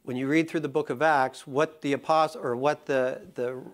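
A man preaching a sermon. He talks casually with many fillers, then builds to slow, impassioned emphasis. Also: medium pitch. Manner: conversational, rising to impassioned emphasis; many fillers and restarts in the calmer parts. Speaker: pastor.

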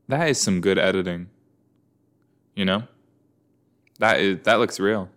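A man's voice: sits low, a little slow, long pauses, fairly bright tone. A man chatting casually and joking as he reacts to a show, with many fillers. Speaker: reaction video host.

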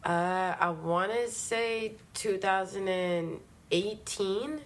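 A woman's voice: medium pitch, slow pace, slight background noise. Brash woman telling a wild story. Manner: animated, profane and slangy, acts out her own past lines. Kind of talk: casual storytelling.

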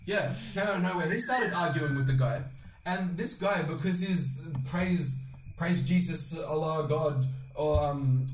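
A young man hosting a podcast, telling a long rambling story with lots of swearing and loudly acted-out quotes. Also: a little high, moderate pace, a little hiss or hum. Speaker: podcast host. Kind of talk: casual storytelling chat. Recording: echoey room, distant mic.

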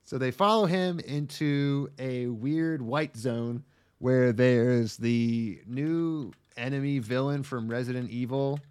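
A man co-hosts a podcast and recaps an anime in a loose, rambling way. His talk is crude and halting, full of ums and restarts. His pitch sits in an ordinary middle range. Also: a little mellow, smooth. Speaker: podcast co-host. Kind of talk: casual chat recapping an anime.

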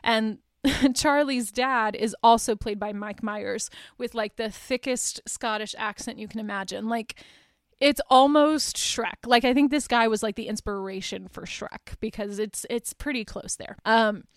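A woman with a somewhat high, smooth voice recaps a movie for her podcast. She rambles casually, scattering "like" and "um" and small laughs through her sentences. The sound is close and dry, with no room around it. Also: unhurried, no room sound. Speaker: podcast host.

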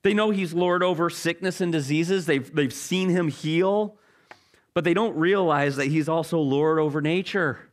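A man preaching a sermon as pastor, telling an animated story with halting restarts. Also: a little high.

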